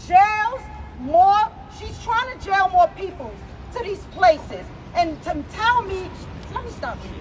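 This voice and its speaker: A grieving mother with a New York accent gives a raw, emotional protest speech at an outdoor city rally. She rises to shouts and chokes up. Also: extremely high pitch. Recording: noisy outdoor rally with crowd. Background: crowd and street traffic.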